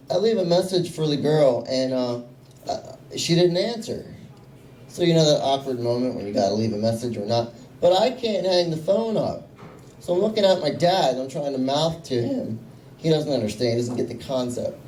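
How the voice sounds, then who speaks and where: A young man performing stand-up, his delivery deadpan and self-mocking. His voice has a mellow, dark tone, and it sounds echoey and distant, picked up in a small club room. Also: mid-range voice, normal speed, a little hiss or hum. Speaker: stand-up comedian. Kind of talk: stand-up comedy set.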